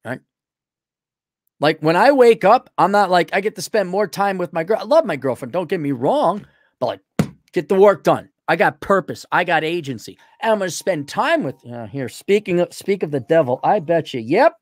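A brash man ranting blunt advice, mocking his listener. His pitch swings widely and sarcastically, and the sound is dry and close with no room echo. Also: big pitch swings, moderate pace. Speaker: advice show host. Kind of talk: blunt paid advice rant.

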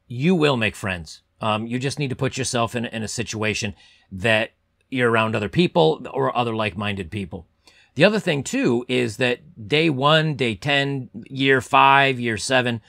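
A young man talking to camera as a channel host, giving rambling advice with lots of ums and repeated words, keeping his voice deliberately pressed low. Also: gravelly, a bit bright, dry recording, clean studio sound. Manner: deliberately lowered, pushed-down voice. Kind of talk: casual advice monologue to camera.

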